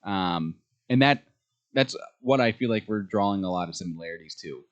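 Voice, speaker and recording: A man co-hosting a podcast, chatting casually and excitedly about a show, with many ums. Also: deep voice, moderate pace, highs cut off. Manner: enthusiastic fan talk with frequent fillers. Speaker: podcast co-host. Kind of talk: casual chat.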